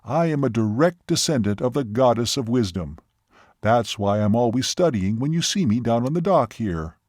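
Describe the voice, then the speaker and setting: A man's voice: medium pitch, expressive, moderate pace, a little mellow, dry recording, studio quality, lightly acted. A man voicing a young waitress who tells her tale in an earnest, playful way, within a story reading. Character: young woman, a lively, witty waitress.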